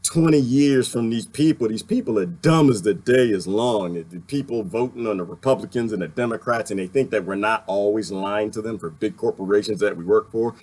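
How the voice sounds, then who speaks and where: A man's voice: on the low side, fairly quick, hardly any pauses, a little mellow, breathy edge. A man delivering a rambling, heated and sarcastic monologue as a video commentator, laughing now and then between points. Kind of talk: ranting monologue.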